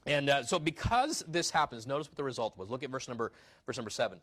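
A man's voice: medium pitch, lively intonation, quick pace, a bit bright. A man, a pastor, preaching a sermon in a conversational teaching manner, reading scripture aloud and asking rhetorical questions.

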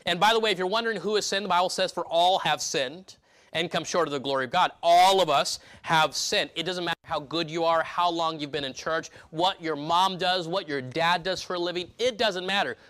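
A man preaching from the pulpit of a church, his voice bright and a little higher than most men's. He speaks emphatically, stumbling into restarts and throwing rhetorical questions at the congregation. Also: fairly quick. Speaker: pastor. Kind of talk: sermon.

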